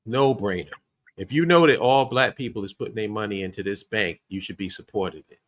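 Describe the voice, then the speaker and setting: A man's voice: on the low side, brisk. A man hosting a casual conversation, talking bluntly and emphatically. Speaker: host.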